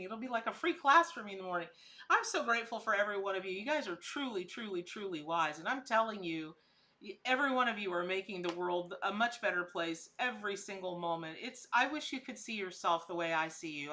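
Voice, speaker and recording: A woman's voice: mid-range voice, animated, fast, bright, forceful tone. A middle-aged woman hosting a casual live-stream tarot reading. She chats with viewers, calls them by name as she answers the chat, and laughs often. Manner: laughs often, with frequent restarts.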